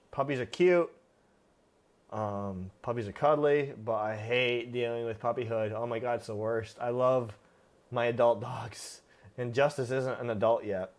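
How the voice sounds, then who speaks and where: Casual man answering dog questions live. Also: mid-range voice. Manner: plain-spoken, stern, many fillers. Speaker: livestream host, dog trainer.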